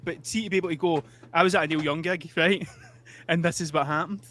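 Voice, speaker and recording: A man's voice: sits high, fairly quick, background noise. A man, a musician co-hosting, chatting enthusiastically and laughing along. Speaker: musician co-host. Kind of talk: casual chat.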